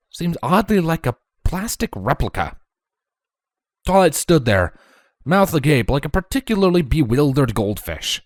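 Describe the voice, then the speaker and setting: A man reading a fan story aloud in a wry, expressive narrating voice. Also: mid-range voice, no room sound. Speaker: fanfiction reader.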